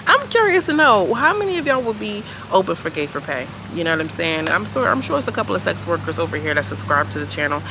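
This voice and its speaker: A woman's voice: fairly low pitch, creaky, background noise. A woman giving a blunt, chatty recap of a reality show, talking straight to her viewers while she is outdoors. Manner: chatty, blunt, slangy, addresses viewers directly. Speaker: YouTube reality-show reviewer. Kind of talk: casual commentary recap. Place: outdoors by a street.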